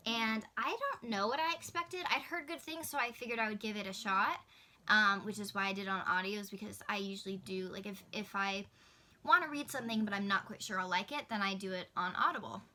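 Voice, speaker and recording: A young woman talks to camera in a bright, clear voice. She chats casually and gushes with enthusiasm, laughing easily as she goes. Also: mid-range voice. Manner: chatty, gushing, laughs easily. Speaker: book vlogger. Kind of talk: casual book talk to camera.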